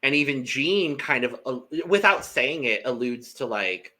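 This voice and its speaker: A man's voice: medium pitch, unhurried. A man co-hosting a podcast, recapping a reality show in casual chat and acting out the contestants' lines. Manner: animated, acts out quotes from the show. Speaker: podcast co-host.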